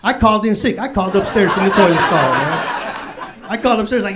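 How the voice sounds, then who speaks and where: A man's voice: high voice, lively intonation, fast, heavy background noise. A man from doing a stand-up comedy set, telling profane, slangy street stories on a club stage. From Chicago, USA. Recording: live comedy club with loud crowd. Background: audience laughing.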